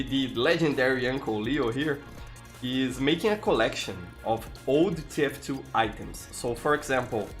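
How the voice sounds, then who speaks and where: A tired man from Brazil with a Brazilian accent, chatting casually as a live streamer and greeting viewers by name. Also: medium pitch. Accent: Brazilian Portuguese. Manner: greets viewers by name, frequent restarts, relaxed.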